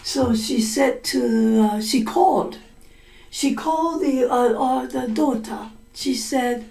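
Slow, mellow woman teacher telling a story. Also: high voice, gravelly, far from the mic. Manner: slow and deliberate, explains words, acts out voices in quotes. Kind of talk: slow story-listening lesson. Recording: echoey room, voice a little off mic.

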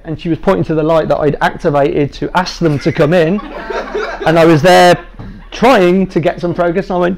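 Man, thirties, slightly high gravelly voice, light self-mocking storyteller to a room of trainees. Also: steady tone, brisk, a little mellow, a little hiss or hum. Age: 30s. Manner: jovial, self-deprecating, makes light of things. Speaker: guest speaker sharing his patient story. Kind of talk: humorous personal storytelling to a training group.

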